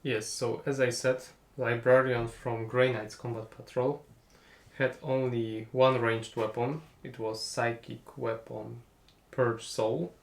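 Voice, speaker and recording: Male co-host, casual game talk, mid-pitched and agreeable, echoey room. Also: little pitch movement, takes it slowly, gravelly. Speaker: tabletop game co-commentator. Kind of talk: casual post-game discussion.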